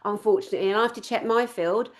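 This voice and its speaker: A middle-aged woman from Scotland with a southern English accent, hosting a casual video chat in a forceful, sarcastic, ranting manner. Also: medium pitch, very fast. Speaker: channel host.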